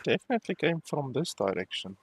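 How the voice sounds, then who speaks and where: A man's voice: a little high, very animated, a little fast, creaky, slight background noise. A man giving casual, wry commentary while streaming a game, swearing now and then. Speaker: gamer streaming a playthrough. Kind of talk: casual let's play commentary.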